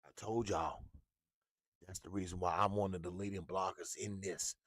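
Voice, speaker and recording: A man's voice: deep voice, steady tone, normal speed, fairly bright tone, no room sound, clean studio sound. A man ranting as a hip hop blogger, heated and profane, repeating himself for emphasis. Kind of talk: ranting commentary.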